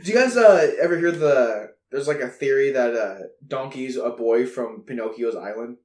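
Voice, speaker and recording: A man in his twenties co-hosting a casual podcast chat, animated and swearing freely. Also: mid-range voice, normal speed. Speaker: podcast co-host. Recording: echoey room.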